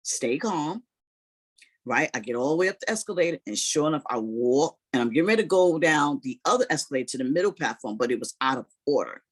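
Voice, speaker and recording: A man recounts a personal story in a loose, animated way, peppering it with "you know" and "like". His voice is a little husky and sits at an ordinary middle pitch. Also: quick pace, hardly any pauses. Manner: animated retelling, heavy use of "you know" and "like".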